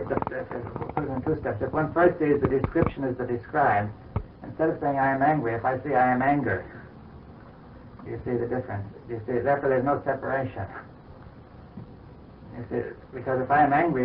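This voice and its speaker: A man in a philosophical conversation who reasons slowly and hesitantly, explaining step by step and leaning on "you see.". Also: mid-range voice. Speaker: scientist in discussion. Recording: distant, tinny archival recording with faint hiss.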